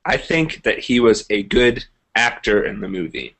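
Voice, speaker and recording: A man's voice: on the low side, animated, normal speed, gravelly, fairly bright tone. A young man co-hosting a casual movie review chat, opinionated and hedging his views. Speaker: co-host.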